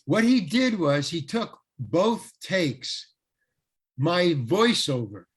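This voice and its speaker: An older male actor, a guest on an interview, telling rambling, animated anecdotes full of restarts. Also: high-pitched, slow pace, breathy edge. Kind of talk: casual storytelling interview.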